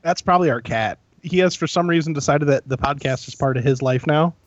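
A man's voice: fairly high pitch, brisk. A man co-hosting a podcast in casual chat, laid back with dry humor. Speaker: podcast co-host. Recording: dry dull lo-fi sound.

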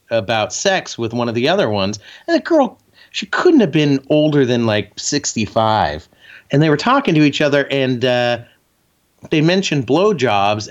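A man's voice: mid-range voice, normal speed. A man co-hosting a podcast, telling crude comic stories and jumping into voices for the people he quotes. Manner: animated storyteller, does voices in quotes. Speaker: podcast co-host. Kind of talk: crude comedic banter. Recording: muffled lo-fi podcast audio.

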